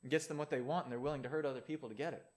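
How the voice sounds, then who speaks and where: A man's voice: medium pitch, steady tone, rapid-fire. A man preaching a sermon in a conversational way, with playful asides.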